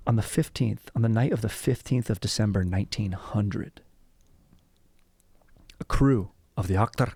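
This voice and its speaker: A young man co-hosting a podcast, chatting in an animated, joking, rambling way. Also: fairly low pitch, vocal fry, no room sound. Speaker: podcast co-host. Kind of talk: casual chat.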